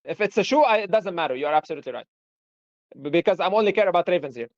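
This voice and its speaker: High-voiced man lecturing through examples. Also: animated, racing, no room sound, highs cut off. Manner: explains with rhetorical questions and examples. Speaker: philosophy lecturer. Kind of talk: live-streamed lecture discussion.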